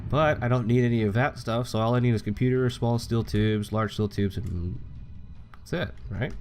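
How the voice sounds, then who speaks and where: A man's voice: mid-range voice, normal speed, darkish tone, faint music behind. Chatty young man rambling over gameplay. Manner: rambling, chatty, swears casually. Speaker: gaming channel host. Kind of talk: casual gameplay commentary.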